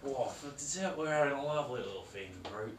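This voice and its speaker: A man's voice: medium pitch, animated, fast. Playful man in a noisy kitchen. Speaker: co-host guest. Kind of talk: comedic cooking-show skit. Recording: roomy kitchen, far from mic, noisy.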